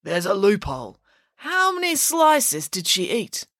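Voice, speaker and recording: A woman's voice: medium pitch, huge pitch swings, measured pace, a bit bright, no echo, studio quality, exaggerated voice. A woman voicing a bossy, blustering male king of the gods.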